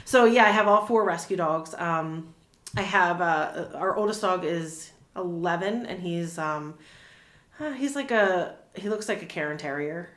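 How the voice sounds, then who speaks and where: A woman's voice: on the low side, a little slow, fairly bright tone, reverberant. A woman in her thirties chatting casually as an interview guest, full of fillers, restarts and little laughs. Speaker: animal communicator guest.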